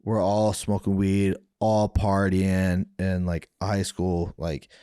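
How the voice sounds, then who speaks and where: A man's voice: low voice, completely flat delivery, takes it slowly, dark tone, clear, resonant tone, no room sound, studio quality. A man guest on a podcast telling stories from his youth in a rambling, profane way, full of fillers and restarts. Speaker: podcast guest, former fighter. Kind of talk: casual storytelling interview.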